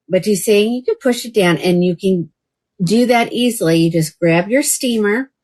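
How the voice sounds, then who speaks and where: A woman's voice: mid-range voice, darkish tone. A woman from Oklahoma hosting a live shopping stream, chatting casually with viewers by name and gushing over products. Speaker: live shopping host selling wigs. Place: indoors by a fan.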